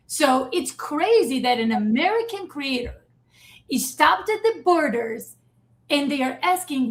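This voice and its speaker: A woman hosting a casual political talk stream, animated and emphatic as she speaks straight to her viewers. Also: high voice, measured pace, rough recording. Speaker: show host. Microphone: streaming setup.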